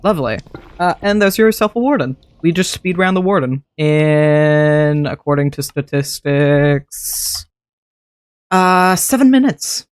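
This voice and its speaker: Chatty higher-voiced male streamer. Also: lively intonation, takes it slowly, clear, resonant tone, dry recording. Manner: chatty, thinks aloud, self-talk. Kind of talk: casual gameplay commentary.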